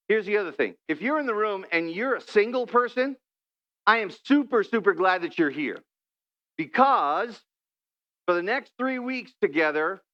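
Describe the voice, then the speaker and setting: A man with a high, smooth, resonant voice preaches a sermon to his church. He talks in a loose, conversational way and playfully acts out husbands and wives. The recording sounds somewhat dull and lo-fi. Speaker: pastor. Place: church sanctuary.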